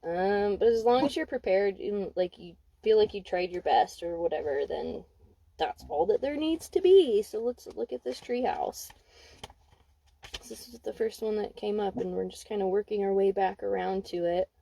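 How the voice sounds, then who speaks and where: A woman's voice: medium pitch, moderate pace, creaky, dark tone, rough recording. A young adult woman giving a casual spoken card reading, candid and emphatic, swearing freely. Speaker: intuitive card reader. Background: dog barking.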